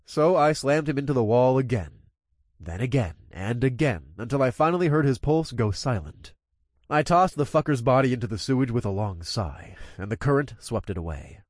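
Expressive man narrating a gritty story. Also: mid-range voice, normal speed, no echo, studio quality. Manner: crude, coarse language. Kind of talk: first-person story narration.

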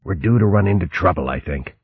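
A man voicing a wary male otter scout who speaks low and urgently with rustic grammar. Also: animated, a little fast, vocal fry, breathy edge, dry recording, narrow, tinny audio, full character voice.

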